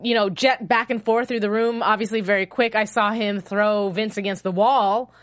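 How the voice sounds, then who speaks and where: Woman, casual TV recap chat, animated, dry close sound. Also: medium pitch, normal speed, dry recording. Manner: animated, self-deprecating, trails off and restarts. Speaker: podcast co-host.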